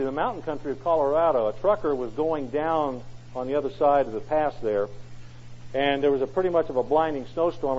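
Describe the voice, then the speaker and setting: Emphatic preacher with a higher voice. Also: male voice, a little mellow, husky. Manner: emphatic, asks rhetorical questions. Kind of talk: sermon. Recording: dull lo-fi recording.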